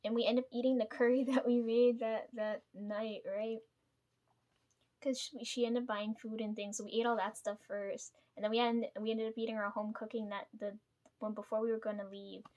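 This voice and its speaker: A woman's voice: a little high, level tone, normal speed, mellow, dull audio. Rambling, swearing young woman vlogger. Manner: rambling, swears freely, many fillers and tag questions. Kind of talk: casual personal vlog storytelling.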